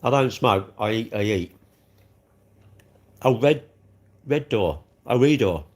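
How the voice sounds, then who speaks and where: A man with a mid-range voice hosts a casual livestream, speaking slowly and with animation while he eats cake. He's chatty and rambling, chuckling often as he goes.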